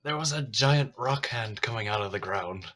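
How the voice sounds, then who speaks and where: A man's voice: fairly low pitch, moderate pace, pushed and bright. A man voicing a frantic adventurer who speaks urgently and dodges questions in a tabletop game. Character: frantic young adventurer fleeing danger.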